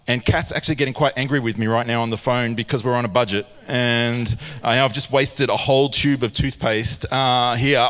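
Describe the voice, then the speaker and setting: A man with an Australian accent preaching a sermon in a church, a lively storyteller who acts out his scenes. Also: mid-range voice. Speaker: pastor. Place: large church auditorium. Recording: long church hall reverb.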